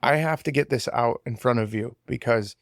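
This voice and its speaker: A man's voice: mid-range voice, moderate pace, gravelly, no room sound, clean studio sound. A man in his twenties giving an earnest, emotional personal testimony as a podcast guest, with frequent fillers. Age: 20s.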